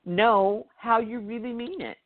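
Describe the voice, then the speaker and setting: A woman guest speaks on a call-in radio show in an emphatic, motivational way, repeating her points for weight. Her voice sits fairly high. It reaches the listener through a thin, tinny phone connection. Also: measured pace. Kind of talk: casual call-in radio talk.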